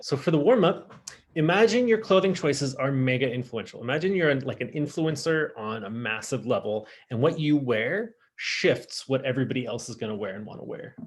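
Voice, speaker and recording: A man teaching a casual online French class, chatty and upbeat, slowing down to model pronunciation. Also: medium pitch, lively intonation. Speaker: high school French teacher.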